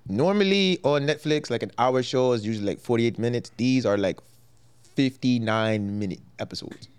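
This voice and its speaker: Male podcast co-host, casual chat, relaxed, pauses to think, mid-pitched. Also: smooth.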